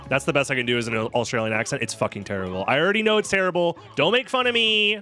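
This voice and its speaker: Bright-voiced joking male streamer. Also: a little high, sing-song, fast, soft background music. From United States. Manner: joking, sarcastic, chatty with viewers. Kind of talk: live-stream gameplay commentary.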